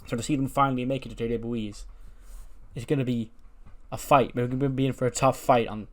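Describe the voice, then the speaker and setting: A man's voice: mid-range voice, fairly even intonation, brisk, natural voice. A man voicing a confident, determined tag-team wrestler in a promo. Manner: earnest promo delivery.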